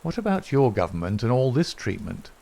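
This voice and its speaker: A man voicing a calm, middle-aged gentleman detective who speaks in a measured, dryly ironic way. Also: mid-range voice, vocal fry.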